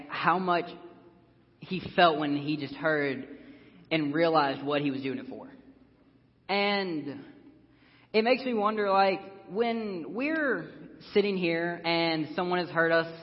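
A young man with a fairly high voice delivers a casual, earnest sermon, filling his sentences with "like" and "uh". The sound is a little dull, and a long hall reverb trails behind each phrase. He talks plainly and personally rather than in a polished preaching manner. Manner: earnest, casual, filler-heavy. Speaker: church speaker.

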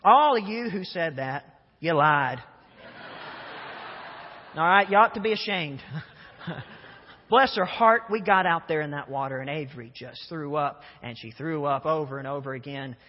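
A young man preaching a sermon in a church, telling humorous stories in an animated way and often repeating his words. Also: a little high, unhurried, pauses often. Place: church sanctuary. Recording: echoey church hall, dull sound.

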